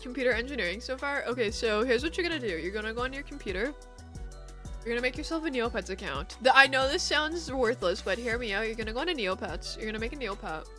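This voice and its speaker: Lively, high-voiced young woman streamer. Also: fast talker, faint music behind. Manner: animated and rambling, with frequent laughter. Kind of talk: casual chat with viewers.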